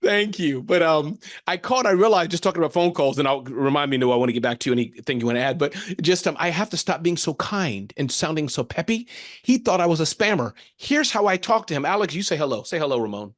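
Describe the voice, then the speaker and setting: A man in his fifties hosting a casual interview, animated and jokey, slipping into playful voices. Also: on the high side, fast talker. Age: 50s. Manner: animated, jokey, often jumps into playful impressions. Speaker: podcast host.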